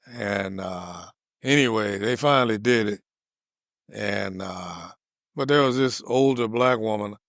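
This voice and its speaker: A man's voice: fairly low pitch, unhurried, a bit bright, no room sound, clean studio sound. A man co-hosting a podcast, retelling a customer service run-in in casual chat and acting out both sides. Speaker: podcast co-host.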